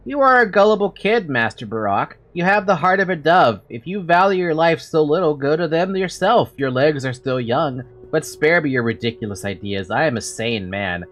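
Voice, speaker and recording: A man's voice: fairly high pitch, lively intonation, normal speed, hardly any pauses, a bit bright, soft background music. A man doing a scornful old factory boss. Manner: scornful, lecturing. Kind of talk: reading game dialogue aloud.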